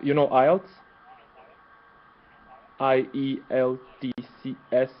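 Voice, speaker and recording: Hesitant man speaking flatly on a call. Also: mid-range voice, slow. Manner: hesitant, many uhs. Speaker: student. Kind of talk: answering in an online class. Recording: muffled call audio with faint noise.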